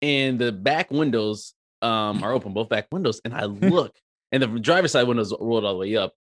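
A man telling a story as a podcast co-host, animated and rambling with lots of fillers and swearing. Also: mid-range voice, a little fast, no echo, clean studio sound. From Eritrea. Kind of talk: casual storytelling chat.

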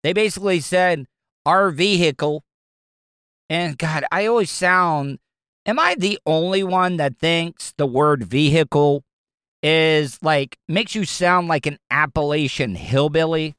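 A man's voice: fairly high pitch, a little slow, fairly bright tone, smooth, dry recording, clean studio sound. Blunt Southern radio host man. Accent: Southern American. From American South. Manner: blunt, rambling, conversational. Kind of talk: opinionated talk radio monologue.

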